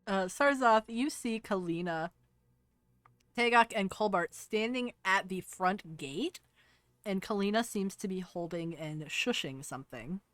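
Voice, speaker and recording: A woman's voice: medium pitch, expressive, a little slow, a bit bright, no echo. A woman narrating as game master in a tabletop game, easygoing with hesitant fillers.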